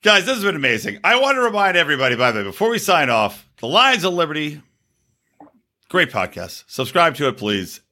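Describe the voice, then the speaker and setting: Lively, bright-voiced drunk male host. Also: a little high, brisk. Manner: boisterous, slightly slurred. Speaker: podcast host. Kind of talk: casual drunk banter.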